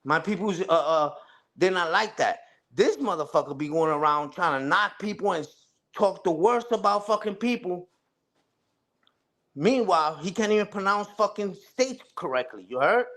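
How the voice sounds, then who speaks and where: A young man with a fairly high voice talks on a livestream. His delivery is a loose, profane rant full of jabs at other streamers. He keeps circling back to the same tags, like "you heard?" and "respectfully". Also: lively intonation, moderate pace, a bit bright. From Puerto Rican family on mother's side. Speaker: live streamer. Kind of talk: casual ranting livestream talk.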